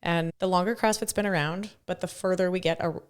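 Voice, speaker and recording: Hoarse woman co-hosting a podcast. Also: on the low side, steady tone, fairly quick. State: hoarse, recovering from lost voice. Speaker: podcast co-host. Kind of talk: casual podcast chat.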